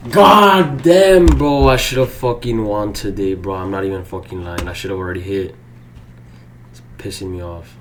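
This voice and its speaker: A young man livestreaming his day trading, swearing and swinging between low muttering and loud outbursts. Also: level tone, normal speed, background noise. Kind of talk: live streaming commentary.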